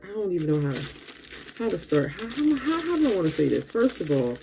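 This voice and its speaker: A woman vlogging a makeup unboxing who gushes and talks straight to her viewers, tired and low on energy. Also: sing-song, fast, vocal fry, background noise. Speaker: beauty vlogger. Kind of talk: casual unboxing chat.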